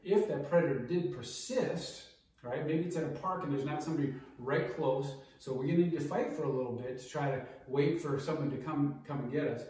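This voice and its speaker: In a large martial arts training room, a middle-aged male instructor with a somewhat high, darkish voice speaks at normal speed while leading a hands-on safety class. He coaches through demonstrations, going over key steps again and tossing in quick checks like "okay?" and "all right?" The mic sits far away, the room echoes heavily, and there's faint noise.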